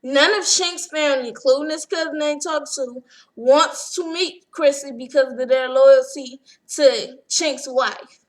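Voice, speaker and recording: A woman's voice: sits high, measured pace. A young woman giving a chatty, sassy recap of a reality show episode and acting out what the cast said. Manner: chatty, sassy, acts out quotes. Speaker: TV recap vlogger.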